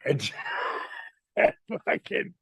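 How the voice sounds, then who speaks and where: Speaking extremely slowly, a retired wrestler in his sixties tells a story from his days on the road during a casual chat. He swears freely and acts out the people he quotes, and the recording has no room sound.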